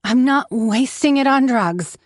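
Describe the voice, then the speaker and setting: A bitter, desperate young woman begging and lashing out in a higher, slower voice, as a female reader puts her on. Her words come pleading, then turn sharply accusatory. The sound is dry and close, with no room around it. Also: expressive, no room sound.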